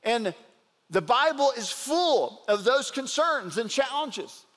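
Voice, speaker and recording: Earnest high-voiced male pastor preaching. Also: big pitch swings, a bit bright, big-room sound. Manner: earnest preaching, slows down for emphasis. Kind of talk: sermon.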